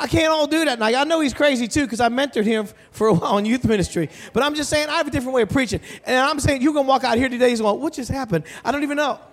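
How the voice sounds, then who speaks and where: A man preaching a sermon in a large church, animated and storytelling, often asking the crowd questions. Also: extremely high pitch. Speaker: guest preacher. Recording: long hall reverb.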